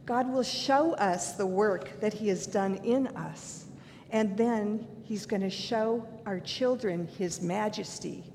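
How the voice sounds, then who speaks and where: A woman's voice: takes it slowly, darkish tone. An older woman giving a sermon, earnest and candid, mixing scripture with self-deprecating stories from her own life. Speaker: preacher. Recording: long hall reverb, faint rumble.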